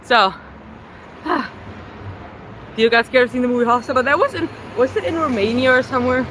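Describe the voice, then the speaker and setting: Speaking at a normal speed in a voice that sits high, a German livestreamer from Berlin with a German accent chats casually with viewers. She walks through city streets with her phone on a selfie stick, using lots of "like" fillers, while faint street and traffic noise plays in the background.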